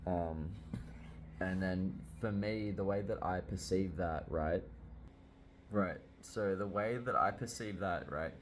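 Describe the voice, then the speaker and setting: A man with a deep, low voice talks through a manga chapter in a loose, casual reaction style. He gets worked up easily and swears freely as he reacts. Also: slow pace, a little hiss or hum. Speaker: manga reviewer.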